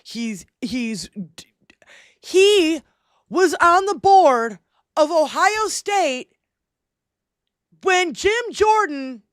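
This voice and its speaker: A woman co-hosts a loose livestream chat in a high voice. She rambles and swears freely. Her voice sits close and dry. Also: big pitch swings, extremely slow, pauses often, no room sound. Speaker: podcast co-host.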